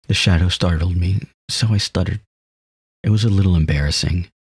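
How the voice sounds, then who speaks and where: Deep, husky man reading a visual novel. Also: steady tone, a little fast, no room sound, studio quality. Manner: laughs and comments between read lines.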